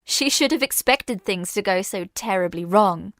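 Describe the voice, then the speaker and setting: A woman narrating a sci-fi story in a measured, dramatic reading. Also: mid-range voice, animated, fairly bright tone, no echo, clean studio sound. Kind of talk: scripted audiobook narration.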